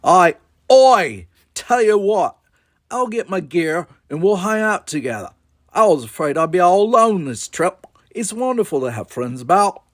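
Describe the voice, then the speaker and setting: A man's voice: big pitch swings, a little slow, dry recording, clean studio sound. A man voicing a bubbly young Australian woman. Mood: cheerful. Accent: put-on Australian. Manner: cheerful, high and breezy.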